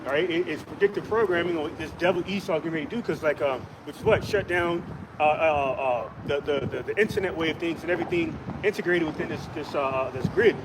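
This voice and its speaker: A man's voice: on the high side, fast talker. A man preaching outdoors, rambling with many fillers and restarts. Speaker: street preacher. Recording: loud wind and traffic noise.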